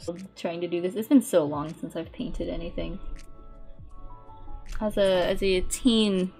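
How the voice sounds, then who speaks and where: A young woman with a slightly low voice chats her way through a painting stream, rambling and restarting her sentences. Faint music plays softly behind her. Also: measured pace, creaky. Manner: rambling and chatty, many "like"s and restarts. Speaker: VTuber streamer. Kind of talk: casual chat while painting on stream.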